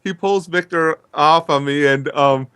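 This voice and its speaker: A middle-aged man, a guest in a casual interview, chats away telling rambling stories and acting out the dialogue. His fairly high voice is smooth and a little bright, and he keeps a measured pace.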